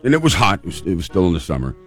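A man's voice: deep voice, big pitch swings, racing, soft background music. A man hosting a show, telling a funny story in a casual, chatty way with restarts. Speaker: podcast host.

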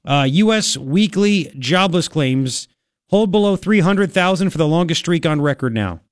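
Man, talk radio host, rambling and excitable, swooping pitch, dry studio mic. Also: moderate pace, dry recording. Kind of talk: animated talk radio banter.

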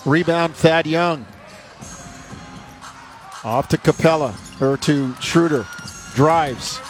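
A man's voice: fairly high pitch, soft background music. A man calling basketball play-by-play in clipped bursts that rise on made shots. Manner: rapid clipped calls, rising on made shots. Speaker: play-by-play announcer.

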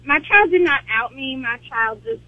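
A woman's voice: sits high, lively intonation, moderate pace. A woman calling a radio show and animatedly telling a story about her toddler, acting out the voices. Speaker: caller. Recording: thin phone line.

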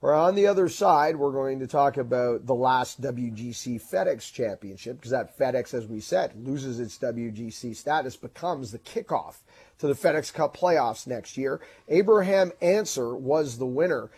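A man co-hosting a talk show, chatting casually with halting restarts and self-corrections. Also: mid-range voice, lively intonation, darkish tone, breathy edge. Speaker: co-host. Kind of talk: casual chat.

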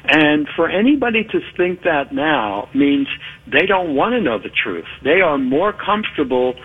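Husky man on a tinny phone line. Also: a little high, big pitch swings. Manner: measured, opinionated, deliberate. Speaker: newspaper columnist guest. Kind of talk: phone-in political commentary.

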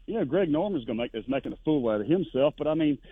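Fast-talking man on a phone line. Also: on the high side, slightly rough, dry recording. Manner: rapid, animated anecdote-telling with voices for quoted people. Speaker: regular caller on a sports radio show. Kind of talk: casual storytelling on a phone line. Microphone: telephone. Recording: tinny dry phone line.

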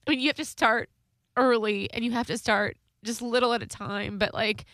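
A woman's voice: on the high side, steady tone, moderate pace, a bit bright, no room sound, clean studio sound. A woman in her thirties co-hosting a podcast, telling a story in a rambling, self-interrupting way. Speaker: podcast co-host. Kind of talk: casual chat.

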